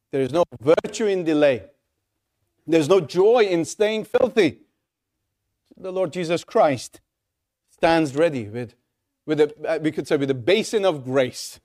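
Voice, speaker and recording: A man's voice: fairly high pitch, darkish tone. Urgent, pleading male preacher. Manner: urgent, pleading, rhetorical questions. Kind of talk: evangelistic sermon.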